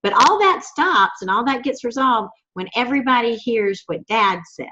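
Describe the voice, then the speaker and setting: A woman hosting a video-call interview, speaking in a measured, earnest way. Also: a little high, animated, pushed and bright, highs cut off. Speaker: host.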